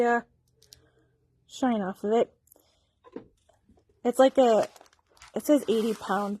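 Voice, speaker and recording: A woman's voice: fairly high pitch, darkish tone, dry recording. A woman co-hosting a shop livestream, chatting in a friendly way and explaining product details. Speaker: co-host. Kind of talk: livestream product demo chat. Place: sewing shop studio.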